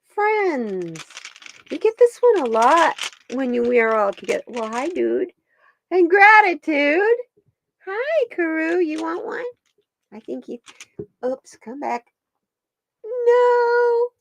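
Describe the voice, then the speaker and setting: Slow-talking woman with a gravelly voice. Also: high voice, big pitch swings, no room sound. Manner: chatty, talks to her pets and viewers. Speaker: live stream host. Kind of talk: casual chat reading stones and cards.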